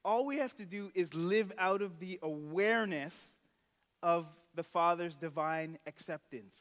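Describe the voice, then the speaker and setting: A male pastor delivering a relaxed, conversational sermon in a church sanctuary. His voice sits high, and the reverb of the large hall rings long after each phrase. He slips into short character voices while retelling a story. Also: a little slow.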